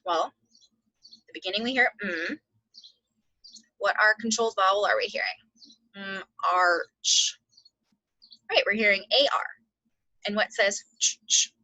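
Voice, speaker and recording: A woman teacher giving a phonics lesson to second graders, slowly sounding out words and spelling letters aloud. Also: medium pitch, pushed and bright, dry recording, low-quality recording.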